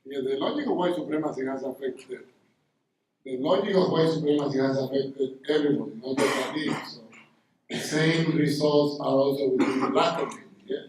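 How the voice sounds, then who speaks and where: A man's voice: medium pitch, a little fast, darkish tone, a little hiss or hum. Male scholar, distant mic in echoing hall. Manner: explanatory, keeps adding a questioning "yeah?". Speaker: panelist scholar. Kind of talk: academic panel answer. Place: lecture hall. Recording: echoey hall, mic far off.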